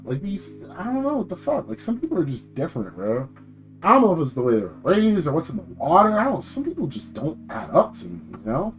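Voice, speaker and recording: A young man streaming, ranting casually about work, animated and swearing, jumping high in pitch when indignant. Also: a little fast, soft background music.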